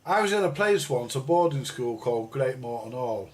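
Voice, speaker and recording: A man's voice: medium pitch, expressive, normal speed. A man hosting a live chat, telling a long, rambling, profanity-heavy story from his school days with many restarts and asides. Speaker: livestream host.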